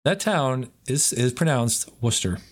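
This is a man with a New York accent, co-hosting a casual podcast chat. He laughs often and swears freely, in a voice of middling pitch. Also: normal speed. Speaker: podcast co-host.

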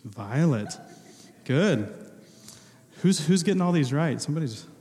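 Male pastor kidding around with the congregation, kinda high voice, long church-hall reverb. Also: animated, measured pace, darkish tone. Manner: playful, joking with the congregation. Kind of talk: casual talk from the pulpit, movie-quote quiz.

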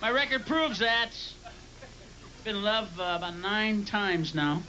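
A man's voice: sits high, expressive, a little slow, background noise. A male stand-up comedian performing live on a club stage, with profane, explosive screaming outbursts. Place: comedy club stage before a loud audience. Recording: lo-fi live club recording, roaring crowd.

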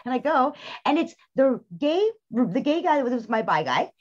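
A woman hosting a podcast, telling frank, animated stories in casual chat with bursts of laughter. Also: sits high, normal speed. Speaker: podcast host. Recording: dull lo-fi sound.

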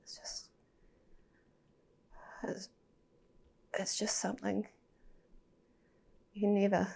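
A woman's voice: medium pitch, completely flat delivery, extremely slow, vocal fry, dark tone, breathy edge. A woman telling a personal story as a podcast guest, candid and emotional, swearing and sometimes dropping to a near-whisper.

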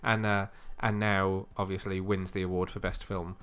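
A man's voice: low-pitched, flat delivery, moderate pace, a bit bright, clear, resonant tone. A man co-hosting a casual comic book podcast, chatty and teasing, often laughing. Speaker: podcast co-host.

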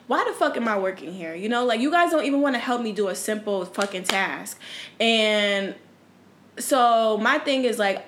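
A woman's voice: medium pitch, a bit bright. A young woman talks on her own podcast in a casual, unscripted rant. She vents her frustrations with plenty of swearing and a loose, conversational flow. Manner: frustrated, profane, venting. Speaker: podcast host.

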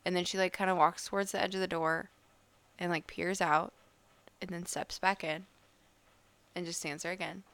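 A woman's voice: on the low side, steady tone, normal speed, long pauses, fairly bright tone, no room sound. Giggly young woman telling a story. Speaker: podcast co-host. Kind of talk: casual chat, storytelling.

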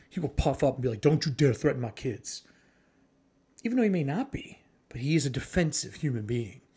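A man's voice: mid-range voice, breathy edge. A man hosting a solo podcast about tabletop role-playing, talking casually and bluntly, swearing freely and full of enthusiasm. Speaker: podcast host.

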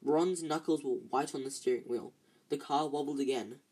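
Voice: medium pitch, normal speed, mellow, husky. An amateur reader, tired, reading a novel aloud with frequent slips and restarts. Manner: stumbles and restarts often, tired.

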